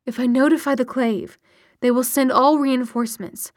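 A woman's voice: sits high, fairly even intonation, moderate pace, no room sound, studio quality, lightly acted. A woman reading aloud and voicing a stern, tired middle-aged mother with a clipped, commanding manner. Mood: grave.

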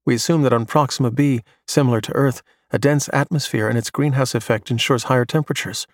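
A man voicing a bright young male pupil who recites facts eagerly. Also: mid-range voice, fairly even intonation, fast, no room sound, studio quality, lightly acted. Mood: earnest.

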